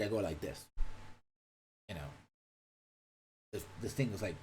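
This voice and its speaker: A man's voice: fairly low pitch, a little fast, long pauses, a little hiss or hum, low-quality recording. A man from Puerto Rico chatting casually on a live stream, rambling and swearing freely. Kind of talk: casual chat.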